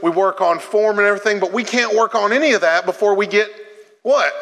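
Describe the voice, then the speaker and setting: A man's voice: high voice, brisk, fairly bright tone, in a large hall. A man preaching a sermon to his congregation, joking and coaching people through a demonstration in a church sanctuary. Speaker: pastor.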